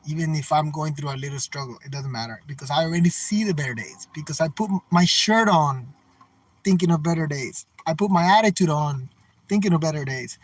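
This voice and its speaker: A man with a fairly high-pitched voice, talking casually to his livestream viewers from a car. He rambles and repeats himself in an earnest, folksy, slangy way. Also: slight background noise, rough recording. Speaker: live streamer. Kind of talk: casual livestream chat, reading out viewer comments. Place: in a car while driving.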